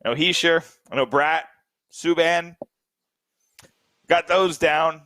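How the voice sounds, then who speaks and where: A man's voice: fairly high pitch, fairly even intonation, takes it slowly, sharp tone, no room sound, clean studio sound. A man co-hosting a podcast, rambling and joking with plenty of fillers. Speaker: podcast co-host. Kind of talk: casual podcast chat.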